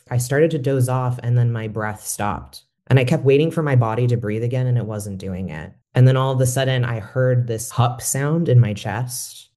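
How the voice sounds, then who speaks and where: A man who works as a mental health educator gives a candid personal testimony in a reflective, measured way. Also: medium pitch, warm tone.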